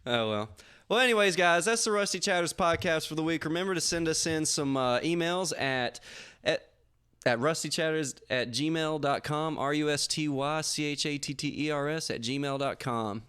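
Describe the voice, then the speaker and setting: A young man co-hosting a podcast, with a bright, crisp tone and a smooth, clean delivery. His talk is laid-back and loose, full of laughs and casual swearing. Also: a little high, moderate pace. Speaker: podcast co-host. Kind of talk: casual chat.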